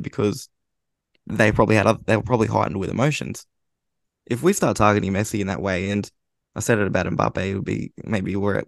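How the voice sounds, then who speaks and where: A man's voice: lowish voice, vocal fry, no room sound, studio quality. A man, a guest on a sports podcast, making blunt points in casual chat and swearing offhandedly. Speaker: football writer, podcast guest.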